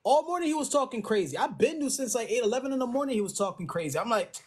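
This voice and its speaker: A man's voice: very high voice, animated, very fast, breathy edge. A young man in a heated casual live stream chat, slangy and indignant, talking through a phone.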